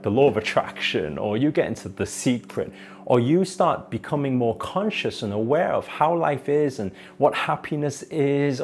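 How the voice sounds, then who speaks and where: A self-help speaker telling a personal story on his vlog, expressive and shifting between soft and emphatic delivery. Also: mid-range voice, slight background noise.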